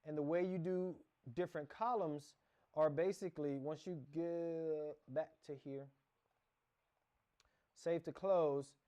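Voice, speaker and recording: A man's voice: fairly high pitch, steady tone, takes it slowly, dark tone, smooth. Rambling man talking through a screen tutorial. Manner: rambling, self-correcting, talks through clicks. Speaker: course instructor. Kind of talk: casual screen-share tutorial.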